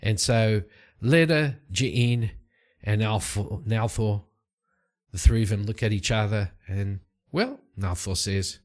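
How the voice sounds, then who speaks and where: A man casually narrating his solo tabletop roleplaying game from his home study, relaxed and rambling. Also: fairly low pitch, slow pace, long pauses. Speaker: solo tabletop game player and channel host.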